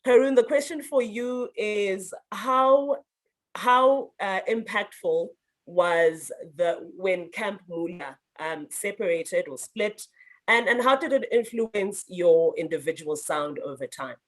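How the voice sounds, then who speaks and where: A woman's voice: mid-range voice, slow. A woman hosting an online Q&A, out of breath and bubbly, laughing between questions. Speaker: moderator of an online youth talk. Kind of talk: lively hosted Q&A.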